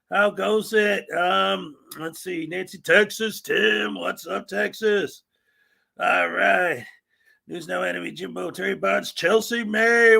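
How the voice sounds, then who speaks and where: A man's voice: high-pitched, steady tone, slow, gravelly, sharp tone. A man hosting a morning livestream, greeting viewers by name in an upbeat, rambling way. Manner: rambling, upbeat, reads out chat names. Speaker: livestream host.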